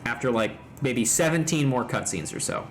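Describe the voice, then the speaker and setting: A man hosting a stream, chatting casually with jokes, swearing and quick asides. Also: medium pitch, lively intonation, faint music behind. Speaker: streamer host.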